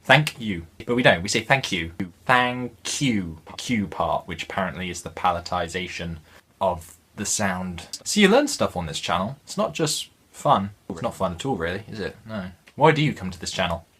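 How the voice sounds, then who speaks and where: A chatty man reads a children's storybook aloud and keeps stopping for wry jokes. His voice is husky, and his pitch jumps around with lively energy. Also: a little fast. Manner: chatty, wry, full of joking asides. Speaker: channel host reading a children's book. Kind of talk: jokey storybook reading with asides.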